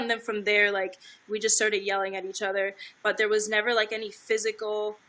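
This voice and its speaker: A woman's voice: mid-range voice, level tone, fairly quick, few pauses, pushed and bright, poor audio. A young woman telling her side of a story in a casual livestream, rambling, swearing, and saying "like" constantly. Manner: rambling, heavy filler "like", swears freely.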